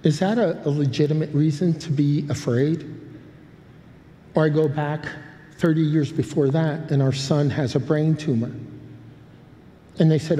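A man's voice: a little high, fairly even intonation, unhurried, pauses often, dark tone. An older man preaching a sermon, telling a story with many restarts and humorous asides. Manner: rambling, self-interrupting with humorous asides. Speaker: pastor. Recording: long hall reverb.

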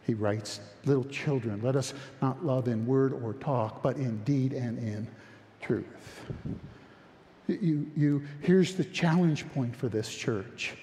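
A man preaching a sermon, with an impassioned manner and frequent restarts that rise toward near-shouting. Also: medium pitch, takes it slowly, big-room sound. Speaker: pastor.

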